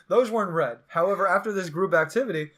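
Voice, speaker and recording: A young man hosts a podcast and tells a long story in loose, casual chat. His voice sits a little high, and he gets animated and sarcastic whenever he acts out what other people said. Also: fairly quick. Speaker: podcast host.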